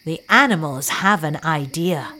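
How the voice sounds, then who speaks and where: A woman narrating a children's story in slow, clear, simple phrasing. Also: low voice, lively intonation, bright, forceful tone, a little hiss or hum. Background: music.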